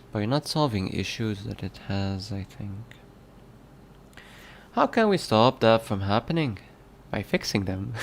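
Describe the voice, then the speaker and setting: A man's voice: lowish voice, vocal fry, a little hiss or hum. A man who develops games, musing aloud to himself in a casual working vlog and chuckling at himself. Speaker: game developer.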